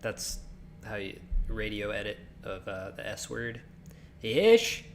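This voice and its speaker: A man's voice: lowish voice, little pitch movement, a little slow, music in the background. A man streaming a game, chatting casually and joking as he thinks aloud, his voice a little sore. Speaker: gaming streamer. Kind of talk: casual let's-play commentary.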